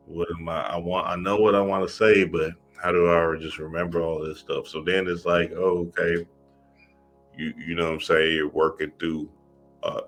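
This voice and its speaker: A man's voice: low voice, a bit bright. A man giving a loose, profane, street-casual motivational talk on spiritual self-help, with frequent restarts.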